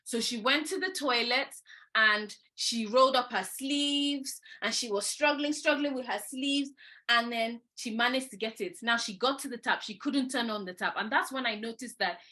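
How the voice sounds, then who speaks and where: A woman educator candidly recounting a classroom experience in reflective storytelling, animated and openly self-critical. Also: a little high, moderate pace. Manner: candid, animated, imitates a child's whining.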